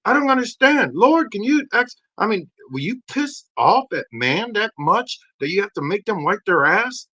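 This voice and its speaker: A cocky, foul-mouthed male dog, put on by a man for a comedy podcast bit. The voice is high and sharp, swinging wildly up and down as he rants and shouts. It sounds brash and crude throughout. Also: sing-song, moderate pace, hardly any pauses, husky, highs cut off, full character voice. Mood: wondering.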